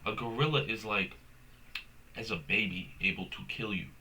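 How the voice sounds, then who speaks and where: A man's voice: fairly low pitch, normal speed, sharp tone. A young man hosting a comedic rant, rambling and profane, tossing in "bro" constantly. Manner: profane, rambling, slangy, says "bro" a lot. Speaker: host.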